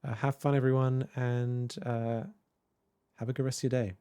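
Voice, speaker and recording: A man's voice: mid-range voice, level tone, moderate pace, dark tone, clear, resonant tone, no room sound. A man hosting a casual livestream, chatting to viewers in a rambling, hesitant way with many fillers. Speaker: livestream host. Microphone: desk microphone with headphones.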